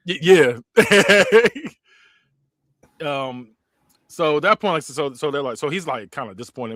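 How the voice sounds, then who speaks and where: Laughing guy w retelling a movie, bright voice, real animated, dry close sound. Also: measured pace, pauses often, no echo. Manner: laughs often, acts out quotes with big pitch jumps. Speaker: podcast host. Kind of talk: casual movie review chat.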